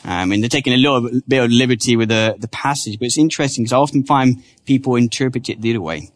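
Earnest man preaching a sermon. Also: medium pitch. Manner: earnest, conversational, slows down for quotes. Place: church.

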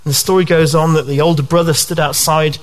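Delivering his sermon with sincere conviction, this male preacher speaks at a quick pace with fairly even intonation. His pitch is a touch above the usual male range, and he repeatedly engages the congregation through rhetorical questions.

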